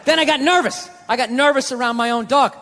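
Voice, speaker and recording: A man's voice: very high voice, fast talker, fairly bright tone. Profane ranting male stand-up comic. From United States. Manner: ranting, profane, self-mocking. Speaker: stand-up comedian. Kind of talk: stand-up comedy. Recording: live stage with long reverb, faint noise.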